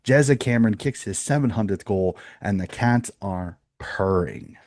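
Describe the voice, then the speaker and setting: Deep, dark-voiced man on a sports podcast. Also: normal speed, dry recording, studio quality. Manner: opinionated, rambling with restarts. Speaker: podcast co-host. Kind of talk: casual sports podcast chat.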